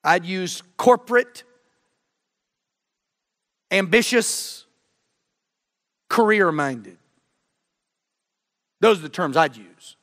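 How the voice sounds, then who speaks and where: A middle-aged man delivers a sermon from a church pulpit, his fairly high voice ringing with long reverb. He preaches with fervor, hammering some phrases loudly and dropping others to a low, earnest hush. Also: lively intonation, very slow, long pauses. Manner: fervent, swings from loud emphasis to low earnest tones. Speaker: guest preacher. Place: church sanctuary.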